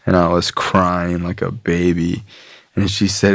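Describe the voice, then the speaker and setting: A man's voice: low-pitched, level tone, unhurried, vocal fry, no room sound, clean studio sound. A young man telling a long personal story in casual talk, swearing and acting out what others said. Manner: rambling, profane, acts out quotes. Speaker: podcast guest.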